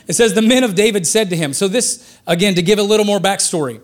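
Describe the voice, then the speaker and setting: A man preaching a sermon with a notably high voice. He talks in a relaxed, joking way and builds up excitedly when he drives a point home. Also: quick pace, few pauses, slight background noise. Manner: conversational and joking, rising excitedly for emphasis.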